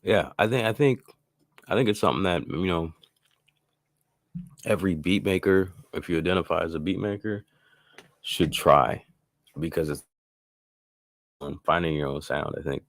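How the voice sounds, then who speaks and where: Very deep, gravelly-voiced man. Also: normal speed, long pauses, no room sound. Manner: rambling, loose, many fillers and restarts. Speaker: beat maker hosting a live stream. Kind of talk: casual live-stream tutorial.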